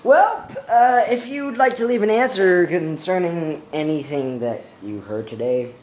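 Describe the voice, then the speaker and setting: A man's voice: sits high, lively intonation, a little slow, darkish tone, slight background noise. A young man vlogging at home into a camera mic, rambling hesitantly with many fillers and playful mock-profound wordplay. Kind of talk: casual rambling monologue to camera. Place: at home indoors.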